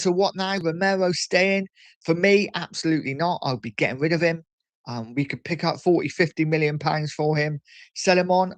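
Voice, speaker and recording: A man's voice: on the high side, no echo. A middle-aged man hosting a casual livestream, chatting and reading viewer comments aloud. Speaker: livestream host.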